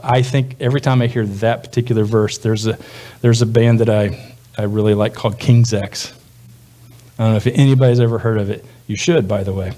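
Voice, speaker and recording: Man, pastor, conversational sermon, mid-pitched voice, quick character voices. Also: warm tone. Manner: conversational, voices quoted speakers with jumps in pitch.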